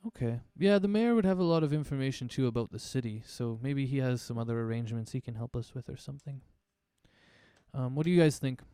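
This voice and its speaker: A man playing a tabletop game over voice chat, talking in a relaxed, rambling way with many fillers. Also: mid-range voice, quick pace, clean tone, no echo, studio quality. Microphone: online voice chat mic.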